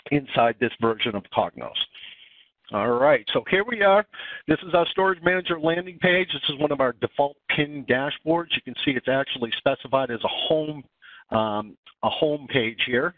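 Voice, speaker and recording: A man with a Boston accent presenting a software webinar demo in a casual, filler-heavy way. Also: medium pitch, no room sound. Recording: dry phone-line audio.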